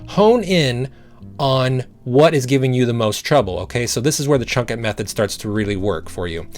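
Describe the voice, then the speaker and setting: A man's voice: mid-range voice, lively intonation, soft background music. Patient man teaching a study method. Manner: patient, encouraging, repeats sounds slowly. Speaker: language learning teacher.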